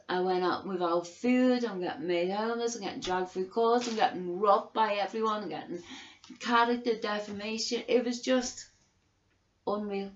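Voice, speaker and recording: A middle-aged woman ranting angrily to camera, outraged and swearing, hammering the same phrases again and again. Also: fairly high pitch. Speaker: vlogger. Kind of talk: angry ranting monologue. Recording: roomy, dull lo-fi recording.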